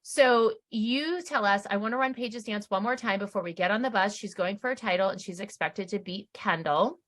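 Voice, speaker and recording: A podcast co-host recaps things in a casual chat, her bright voice sitting at medium pitch and moving at a moderate pace. She tells it like an animated storyteller, acting out the quotes as she goes.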